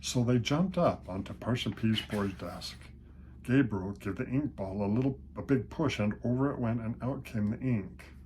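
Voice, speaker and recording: An older man reading a children's picture book aloud to his grandchildren, slow and gentle. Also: mid-range voice, a little hiss or hum.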